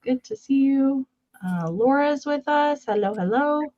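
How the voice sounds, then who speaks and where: Woman, high voice, chatty host, many fillers, dull lo-fi sound. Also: animated, unhurried, darkish tone. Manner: chatty, greets viewers by name; explains steps plainly with many fillers. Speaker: co-host of a live vintage sale. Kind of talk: casual live-stream chat.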